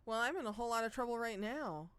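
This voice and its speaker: A woman's voice: a little high, animated, fast talker, a bit bright, smooth. A woman voicing a worried young female friend in a game, reading her lines firmly and clipped in her own voice. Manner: firm, clipped.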